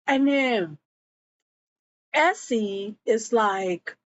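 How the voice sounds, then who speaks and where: A woman's voice: fairly high pitch, dull audio. Chatty woman recapping a show. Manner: chatty, acts out characters' lines in quick voices. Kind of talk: casual episode recap.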